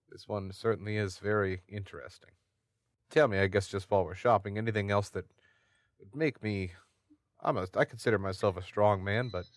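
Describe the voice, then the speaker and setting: A man's voice: fairly low pitch, dry recording, clean studio sound. A man playing a tabletop game in character, polite and hesitant, often restarting his sentences. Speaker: player. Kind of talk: in-character tabletop role-play.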